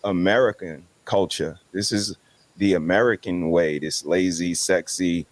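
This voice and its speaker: A man's voice: low voice, fairly even intonation, measured pace. A man, making emphatic, preachy points as a guest in a casual podcast discussion. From New York City.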